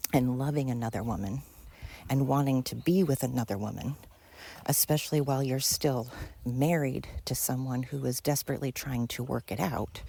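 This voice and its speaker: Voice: mid-range voice, vocal fry, warm tone, a little hiss or hum. A podcast host telling a friend's story in a casual monologue, emphatic and repetitive, swearing freely.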